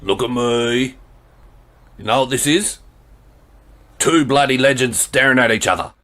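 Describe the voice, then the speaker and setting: A man's voice: medium pitch, a little slow, pitched below the performer's own voice. A man putting on a brash Aussie bloke. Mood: swaggering. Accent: Australian (put on). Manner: loud, slangy bravado. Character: brash Australian bloke, swaggering and crude.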